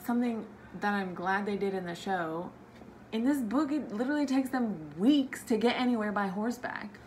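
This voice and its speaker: A tipsy young woman giving a casual book review on her channel, gushing and excitable, with plenty of "like" as filler. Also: mid-range voice, moderate pace, slight background noise. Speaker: book vlogger.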